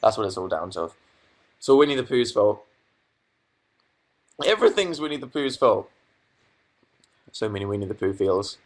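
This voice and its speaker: His voice is on the low side with big swings in pitch, and this young Englishman speaks at a normal speed but pauses often. Hosting a casual stream from his bedroom, he reads chat aloud and answers it with dry sarcasm.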